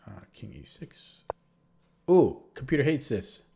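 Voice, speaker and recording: A man's voice: medium pitch, big pitch swings, measured pace, gravelly, dark tone. A man with a sore throat, casually recapping his chess games on a livestream, rambling and restarting sentences as he retells what happened. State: sore throat, feeling sick.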